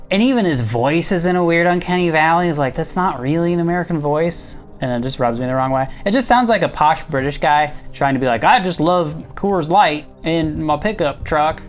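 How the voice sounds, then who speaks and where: A man hosting a comedy show, ranting sarcastically and rambling while he gets his makeup done. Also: fairly high pitch. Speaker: host.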